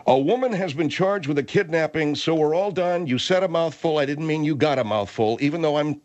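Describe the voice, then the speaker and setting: A man's voice: fairly high pitch, a little mellow, lo-fi sound. A man hosting a comedy radio show, exasperated and bossy with his guests. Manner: exasperated, bossy, quick to laugh.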